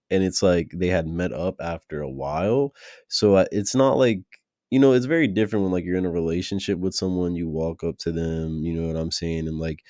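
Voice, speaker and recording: A man streaming a reaction, talking to his chat in slangy, profane, animated bursts. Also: low voice, no echo, clean studio sound. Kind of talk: casual reaction commentary.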